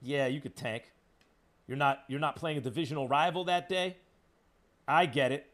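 A man's voice: a little high, normal speed, a bit bright. A man hosting sports talk radio, ranting with sarcasm and heat. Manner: emphatic, sarcastic, heated.

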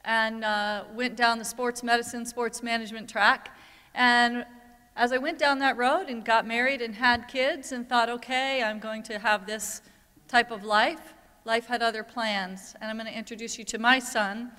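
A woman's voice: a little high, steady tone, moderate pace, pushed and bright, clean tone. A woman giving a candid, conversational conference talk, telling a personal story to an audience. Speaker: conference speaker, parent advocate. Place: conference hall. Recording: long reverb from a large hall.

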